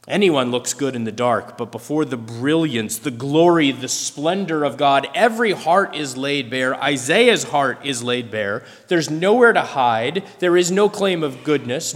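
Male preacher, slightly higher voice, expressive sermon delivery, long hall reverb. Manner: expressive, dramatizes scripture quotes.

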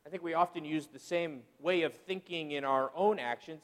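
A middle-aged man preaching a sermon as pastor, animated and acting out people's excuses in quoted voices. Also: fairly high pitch, moderate pace, few pauses, in a large hall.

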